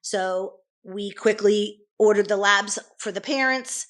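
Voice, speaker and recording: Middle-aged nurse lady telling what happened on her shift, earnest, lots of restarts, medium-pitched voice. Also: slow pace, fairly bright tone. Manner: earnest, detailed recounting with frequent restarts. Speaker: nurse guest. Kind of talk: conversational interview storytelling.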